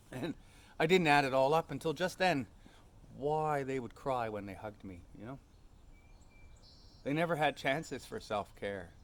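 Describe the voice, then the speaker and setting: A man telling a personal story in an earnest, rambling way, full of fillers. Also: fairly low pitch.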